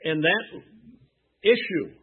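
A man delivers a sermon in a high, husky voice at an unhurried pace. He asks his listeners questions and answers them emphatically, with long pauses between phrases. The sound is narrow and tinny, like a phone call. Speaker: preacher.

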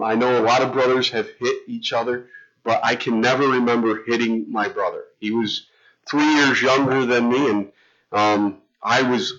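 A man's voice: lowish voice, a bit bright. A middle-aged man preaching as a pastor, storytelling in a casual, conversational way with frequent restarts. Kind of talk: sermon. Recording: dull lo-fi sound.

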